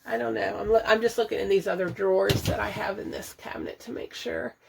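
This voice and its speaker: This budget-and-declutter vlogger talks quickly in a steady, medium-pitched voice with vocal fry while tidying her bathroom at home. She's chatty, thinks aloud, and laughs a lot as she addresses her viewers. The noisy recording comes from a camera set up close by and moved around.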